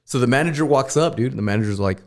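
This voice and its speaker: A man from El Paso, a radio DJ guest, talking in a casual podcast studio chat as a fast, profane, animated storyteller. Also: medium pitch. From El Paso, Texas.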